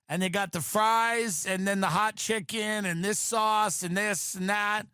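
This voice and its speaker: A man's voice: sits high, a little slow, bright, forceful tone, clear, resonant tone, no echo, studio quality. A man hosting a podcast, delivering a comedic monologue in a sardonic, ranting way with mocking asides. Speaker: podcast host.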